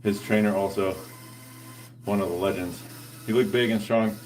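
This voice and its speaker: A man's voice: on the low side, steady tone, moderate pace, darkish tone, far from the mic, slight background noise. A man chatting casually with viewers, laid-back and slangy, laughing often. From United States. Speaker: fitness vlogger. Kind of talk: casual chat answering live viewers.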